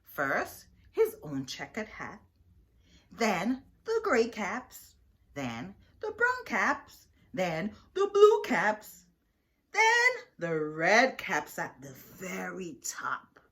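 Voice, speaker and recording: A woman reads a picture book aloud to children, pausing to ask her young listeners questions. She speaks slowly, and her pitch swings widely from line to line. Her voice is bright and sits a little high. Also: wildly swooping pitch. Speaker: children's storyteller.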